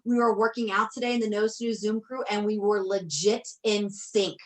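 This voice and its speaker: A business coach with a medium-pitched, fairly even voice speaks at normal speed on a motivational call to her team. Effusive and gushing, she chats along, circling back to repeat her points.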